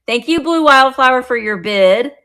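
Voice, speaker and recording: A middle-aged woman hosting a live online auction of vintage items, chatting warmly and greeting viewers by name as she describes each piece. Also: sits high, expressive, moderate pace. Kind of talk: live-stream sales chat.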